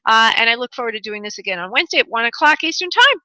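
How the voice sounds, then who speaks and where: A woman hosting a call-in radio show as a spirit medium, giving gentle readings and calling the caller honey. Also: fairly high pitch, animated, fast talker, dry recording. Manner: soothing, calls caller honey and sweetheart. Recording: dull lo-fi call-in radio audio.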